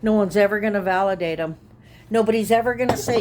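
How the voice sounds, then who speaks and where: A woman's voice: medium pitch, fairly quick, a little mellow, slight background noise. A middle-aged woman vlogging at home, speaking earnestly to camera and circling back to the same points. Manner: earnest, repetitive, rambling. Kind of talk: casual talk to camera.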